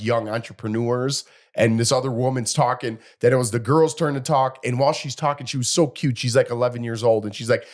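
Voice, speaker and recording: A man co-hosting a casual podcast, his voice hoarse and worn from a week-long cough. He rambles through stories with a self-deprecating, scattered manner at an ordinary middle pitch. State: hoarse from a cough and sore throat. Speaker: podcast co-host. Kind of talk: casual chat.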